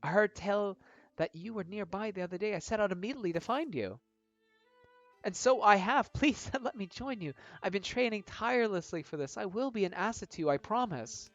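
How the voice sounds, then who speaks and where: A man doing a gushing high-voiced fangirl adventurer. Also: fairly quick, no room sound, highs cut off, faint music behind. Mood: pleading. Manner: breathless, gushing, excitable. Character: eager young woman adventurer, gushing superfan.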